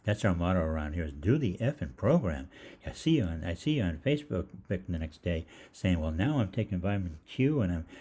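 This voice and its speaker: A man's voice: sits low, sing-song, brisk, dark tone. An older man hosting a health program, telling a rambling anecdote in a chatty way and acting out the other people's lines. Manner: chatty, acts out quoted voices, frequent ums and restarts. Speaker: holistic health program host. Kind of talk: casual rambling storytelling monologue.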